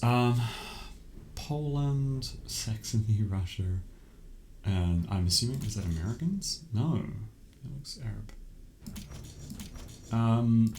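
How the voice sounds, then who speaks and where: A man's voice: mid-range voice, darkish tone, reverberant, slight background noise. A man giving casual commentary while showing games, thinking aloud with many ums.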